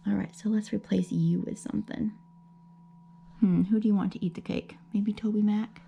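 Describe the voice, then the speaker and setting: A woman teaching young children a grammar lesson, gentle and patient, checking often that they follow. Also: medium pitch, steady tone, vocal fry, lo-fi sound, slight background noise. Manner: gentle, patient, explaining slowly with many checks like okay. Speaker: elementary school teacher.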